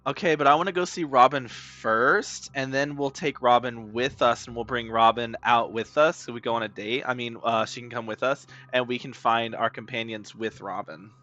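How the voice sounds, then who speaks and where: A man's voice: mid-range voice, steady tone, normal speed, hardly any pauses, sharp tone, highs cut off. A man streaming a game, rambling and joking in casual slang as he plays. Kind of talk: casual gameplay commentary.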